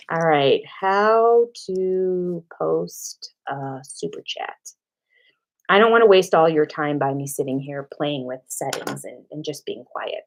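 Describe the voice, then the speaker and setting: An older woman hosting a casual live-stream chat at home, talking with fillers and restarts into a cheap desktop microphone. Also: medium pitch. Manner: chatty, thinks aloud with fillers and restarts. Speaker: channel host answering live chat. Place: home room.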